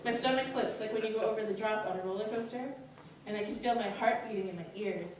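A woman's voice: quick pace, far from the mic, a little hiss or hum. Young woman telling her story in an echoey hall. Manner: earnest, candid, pitch rises sharply on anxious inner questions. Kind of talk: live personal storytelling. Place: college stage at a live showcase.

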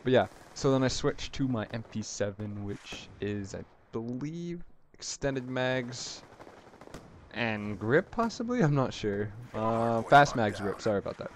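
A man giving casual, rambling gameplay commentary, excitably retelling his moments in the match. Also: mid-range voice, measured pace. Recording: noisy game audio underneath. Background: game sound effects.

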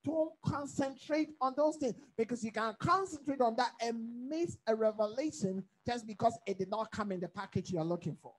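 A man's voice: extremely high pitch, normal speed, hardly any pauses, low-quality recording. A man from Africa, a pastor leading a bible study, preaching emphatically with repeated phrases and questions to his listeners.

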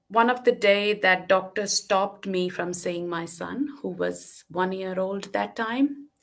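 A woman's voice: on the low side, creaky. Woman in her thirties, candid personal story, video call sound. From lives in Western Australia. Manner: earnest and candid, many fillers. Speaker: guest. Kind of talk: personal story in a live online talk.

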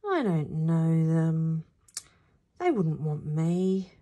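A woman's voice: very animated, measured pace, a little mellow, full character voice. A woman voicing a shy, eager young boy who longs to play football, in a storybook read aloud. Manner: timid, pleading, high and breathy.

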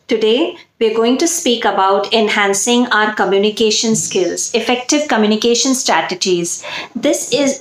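Woman teaching on her channel, leans on key words, kinda high voice. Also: echoey room, low-quality recording. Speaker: channel host and self-help speaker. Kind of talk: explaining to camera.

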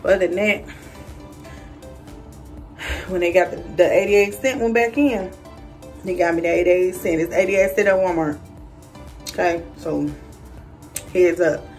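A woman, chatting casually to camera in a vlog, a bit out of breath, with lots of fillers and animated quoted voices. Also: on the low side, measured pace, long pauses, recorded from a distance, poor audio. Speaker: vlogger. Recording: voice a little off-mic, faint music.

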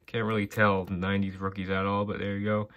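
A man casually talking through the hockey cards he got in the mail, chatty and muttering, quick to get excited. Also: on the low side. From Canada. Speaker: hockey card collector opening mail. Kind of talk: casual commentary while opening cards.

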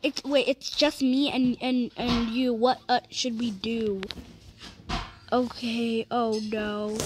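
A woman commentating casually on her own gameplay, excitable, reading game text aloud between squeals and laughs. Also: fairly high pitch, slow, slight background noise. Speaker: gamer commentating her play.

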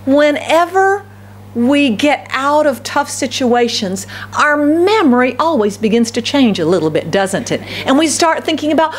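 A woman's voice: high voice, lively intonation, measured pace. A woman pastor giving a conversational sermon, often asking the congregation questions. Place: church service.

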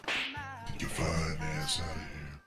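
Deep-voiced man crooning in role-play. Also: wildly swooping pitch, takes it slowly, music in the background.

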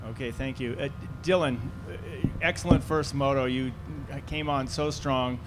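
A man's voice: mid-range voice, fairly even intonation, measured pace, background noise. A man moderating a post-race press conference, asking loosely phrased questions.

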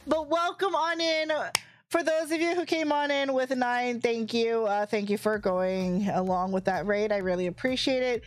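A woman's voice: on the high side, unhurried, soft background music. A young woman streamer, out of breath, greeting her chat with effusive, bubbly energy. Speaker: variety streamer.

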